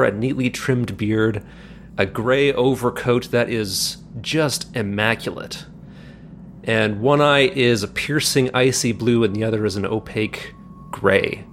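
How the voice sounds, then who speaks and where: A man's voice: on the low side, a little hiss or hum. Man narrating as game master. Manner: descriptive, halting with fillers.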